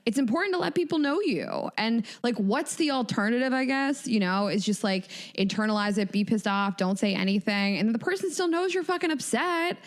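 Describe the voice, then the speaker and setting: A woman's voice: a little high, expressive, a little fast, hardly any pauses. Candid, swearing woman co-host. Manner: candid, casual, swears freely. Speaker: podcast co-host. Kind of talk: casual chat.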